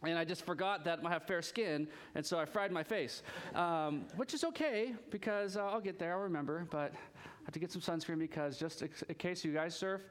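A male pastor with a high voice gives a relaxed, conversational sermon at a moderate pace. He is chatty and animated and jokes easily with his congregation. The tone is clean.

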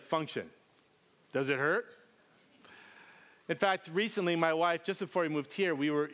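A male pastor in his thirties preaching with a slightly higher-than-usual voice. He tells funny family stories animatedly, acting out his own lines. He then turns earnest as he draws the lesson. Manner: animated, humorous storytelling with acted-out quotes. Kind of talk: sermon.

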